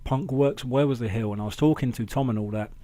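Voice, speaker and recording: A man hosting a casual wrestling review podcast, chatty and excitable, talking into a close mic at home. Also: medium pitch, fast talker, no echo. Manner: chatty, excitable, acts out quotes in raised voices. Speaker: podcast host.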